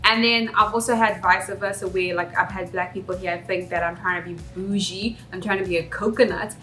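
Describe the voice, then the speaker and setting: Pushed and bright, her mid-range voice holds a steady tone and runs a little fast. This young South African vlogger talks candidly and reflectively, with a roomy echo and faint background music in the recording.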